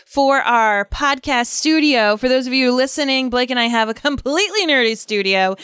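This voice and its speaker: Woman, Rhode Island accent, effusive podcast co-host, home studio, higher pitch, dry close sound. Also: lively intonation, moderate pace, a bit bright, clear, resonant tone, no room sound. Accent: Rhode Island, Boston-New York blend. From Rhode Island, USA. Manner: bubbly, chatty, effusive. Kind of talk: casual podcast chat.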